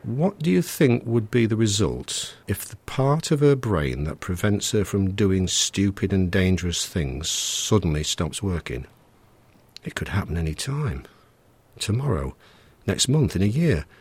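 A man's voice: low voice, very animated, unhurried, darkish tone, slightly rough, pitched above the performer's own voice, exaggerated voice. A man doing a jittery middle-aged husband. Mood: anxious. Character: nervous middle-aged husband, fretful and jumpy.

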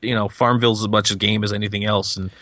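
A man's voice: lowish voice, level tone, quick pace, sharp tone, no echo. A man co-hosting a casual podcast chat, rambling with many restarts and fillers. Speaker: podcast co-host.

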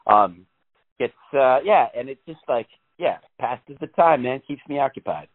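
A man's voice: mid-range voice, expressive, unhurried. Rambling, laughing man on a tinny line. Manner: rambling, laughing often, swearing. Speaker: podcast co-host. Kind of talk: casual chat.

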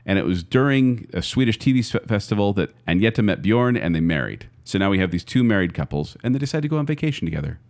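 A man's voice: on the low side, expressive, quick pace, hardly any pauses, a little mellow. A man hosting a casual podcast, telling a music history with lots of fillers and restarts. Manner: chatty, many fillers, trails off and restarts.

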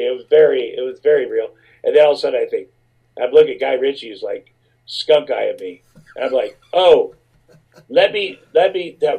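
A man's voice: mid-range voice, slightly rough, dull audio. A man telling a rambling, profane comic anecdote, often repeating his words as he goes. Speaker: storyteller.

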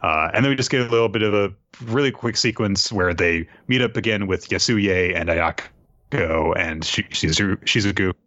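A man's voice: low-pitched, moderate pace, fairly bright tone, no room sound, lo-fi sound. A man co-hosting a podcast, casually recapping a story arc with wry asides. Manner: laid-back, wry asides. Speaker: podcast co-host.

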